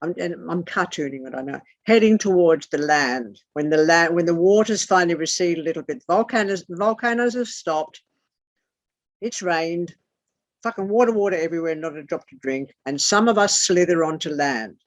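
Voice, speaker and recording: Swearing offhandedly and trailing into mumbled asides, the tarot teacher wanders through an esoteric lecture. The pitch is medium and the speed normal, in a dull lo-fi recording with no echo.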